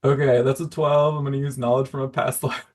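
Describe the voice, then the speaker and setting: A man's voice: mid-range voice, level tone, brisk, shouting, a little hiss or hum. Man joking at a tabletop game. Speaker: player. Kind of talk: casual tabletop game chat.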